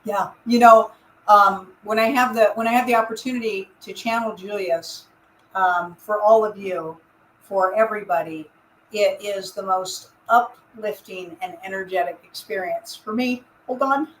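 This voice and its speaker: A woman's voice: medium pitch, steady tone, fairly bright tone, a little hiss or hum. Emphatic woman channeler in echoey room. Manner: emphatic, uplifting, deliberate. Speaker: channeler, show co-host. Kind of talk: spiritual talk to an online audience.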